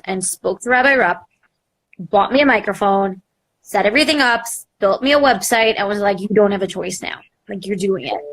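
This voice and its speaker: Animated young woman telling candid stories. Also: mid-range voice. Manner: fast, animated, self-mocking, lots of "like" and acted quotes. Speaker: podcast host and interview guest. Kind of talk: candid storytelling in an interview. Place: live online interview.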